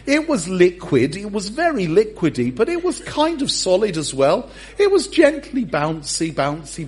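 A man's voice: sits high, breathy edge. A middle-aged man preaching a humorous sermon in a church, telling stories with self-mocking jokes. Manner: animated, self-mocking storyteller. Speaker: pastor.

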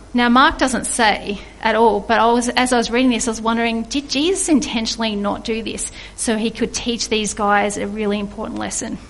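A woman's voice: a little high, creaky, slight background noise, low-quality recording. An earnest woman giving a reflective devotional sermon, asking her listeners questions. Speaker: preacher.

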